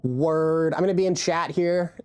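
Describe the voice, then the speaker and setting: Low-voiced woman rambling on stream. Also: moderate pace, a little mellow, clean tone. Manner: rambling, profane, restarts words often. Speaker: game streamer. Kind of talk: casual live-stream chat.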